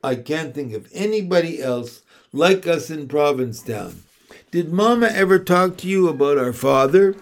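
A man's voice: a little high, animated, normal speed. A man doing an earnest, thoughtful young boy.

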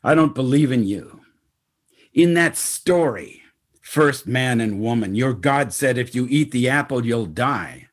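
A weary, proud old chief, as a storyteller voices him answers in blunt, bitter phrases, slow and measured. His voice sits in an ordinary middle pitch, unhurried throughout. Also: expressive. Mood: defiant.

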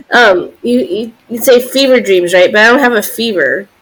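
A woman's voice: fairly high pitch, measured pace, a bit bright. A woman in her forties, co-hosting a podcast in casual chat, talking in a chatty, sympathetic way with many fillers. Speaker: podcast co-host.

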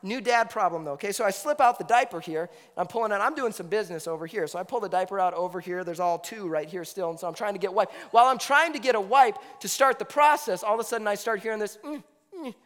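High-voiced pastor in a reverberant hall. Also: male voice, quick pace. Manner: storytelling, animated and conversational with asides. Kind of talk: sermon. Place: church hall. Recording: reverberant hall with faint music.

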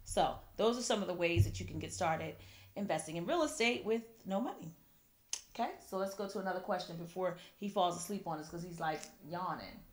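A woman's voice: fairly low pitch, lively intonation, fairly quick. A young adult woman hosting a casual real estate podcast, chatty and teasing. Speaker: podcast host. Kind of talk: casual chat.

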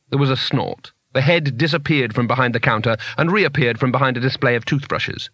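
A man's voice: mid-range voice, brisk, few pauses, a bit bright, no echo. Man reading a comic fantasy novel. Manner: dry, wry storytelling. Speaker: audiobook narrator. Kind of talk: scripted narration.

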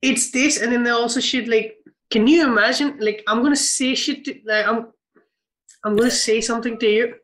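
A man's voice: very high voice, fairly even intonation, normal speed, fairly bright tone, rough recording. A man co-hosting a film podcast, casual and heated, swearing and rambling with many restarts. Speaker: podcast co-host.

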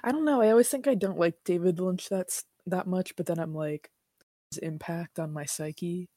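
Twenties woman podcaster rambling on, kinda low voice, dry mic, jokey and self-deprecating. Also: normal speed, warm tone, dry recording. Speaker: podcast co-host. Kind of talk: casual chat.

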